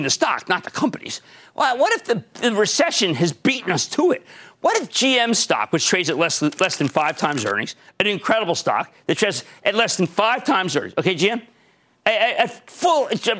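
An older man hosts a market show with theatrical stock commentary, swinging from shouts to low asides.

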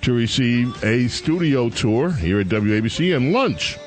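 A man's voice: medium pitch, expressive, measured pace, faint music behind. A man hosting a talk radio show, delivering a sarcastic, mocking monologue. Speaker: radio host.

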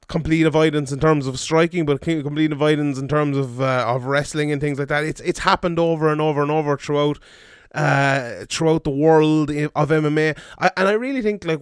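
A man's voice: a little high, clean tone, dry recording, studio quality. A man in his thirties with an Irish accent, hosting a casual podcast and chatting loosely, swearing and laughing often. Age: 30s. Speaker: podcast host.

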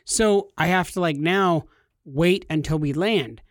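A man's voice: on the high side, a little slow, no echo. A man in his thirties telling a funny personal story in a rambling, self-deprecating way, with a lot of "like". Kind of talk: casual comedic storytelling.

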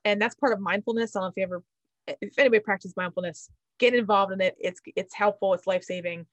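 A chatty woman hosts a podcast in a relaxed, reflective way. Her voice sits at a middle pitch, and the sound is close and dry. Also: quick pace, no echo. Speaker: podcast host. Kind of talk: casual podcast chat.

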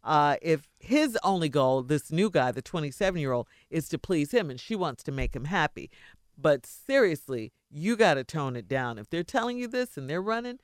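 A woman radio co-host reading out a listener's letter and riffing with her colleagues. Her pitch rises and falls a lot as she talks, and the studio sound is dry and close. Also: normal speed, dry recording. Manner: animated, laughs often.

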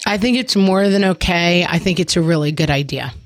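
A woman's voice: on the low side, fairly quick, no echo, clean studio sound. A woman co-hosting a casual podcast, telling wry personal stories with lots of loose fillers.

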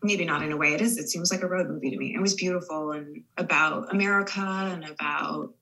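A woman's voice: sits low, steady tone, a little fast, bright, forceful tone, rough recording. A woman in her forties, an actress guest on a podcast, talking casually with many fillers and restarts.

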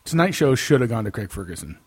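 Lively, husky middle-aged man cracking jokes. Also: medium pitch. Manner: wisecracking, quick asides and jokes. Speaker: podcast co-host. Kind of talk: casual chat.

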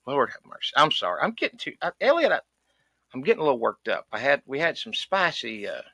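In a comedy podcast, a man voices a recurring character: a loud, cranky, folksy middle-aged duck hunter from the rural South. His medium-pitched voice swoops wildly, brisk, gravelly, pushed and bright, slightly rough, with no echo. It's a full character voice, ranting in exasperation with sighs and country grammar.

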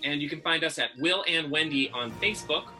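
A man's voice: on the high side, a little fast, sharp tone, faint music behind. A man from Massachusetts with a faint Massachusetts accent, co-hosting a podcast in a chatty, rambling, self-deprecating way. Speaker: podcast co-host. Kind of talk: casual chat.

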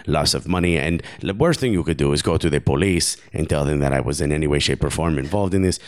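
A man putting on a smug, hammy fake French accent and a deeper voice to play a male footballer who is blackmailing someone. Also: fast talker, dry recording, studio quality.

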